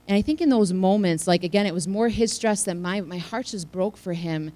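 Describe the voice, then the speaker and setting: A woman telling a heartfelt personal testimony to a church congregation, her delivery swinging from hushed to loud. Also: medium pitch, brisk, hardly any pauses, dry recording, poor audio. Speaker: church speaker sharing a testimony.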